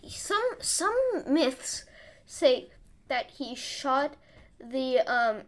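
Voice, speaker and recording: A young woman co-hosting a casual podcast, retelling a myth in a rambling, giggly way. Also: sits high. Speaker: podcast co-host. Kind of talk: casual chat retelling myths.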